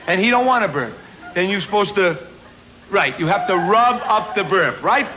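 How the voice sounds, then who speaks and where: A middle-aged man doing stand-up comedy in a chatty, self-mocking way, his voice high for a man. The sound is an old 1970s TV recording with steady hiss behind him. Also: moderate pace.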